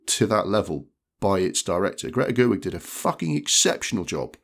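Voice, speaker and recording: A man's voice: lowish voice, sing-song, brisk, creaky. A man co-hosting a film podcast, talking bluntly and swearing, with many restarts. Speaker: podcast co-host. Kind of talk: casual film chat.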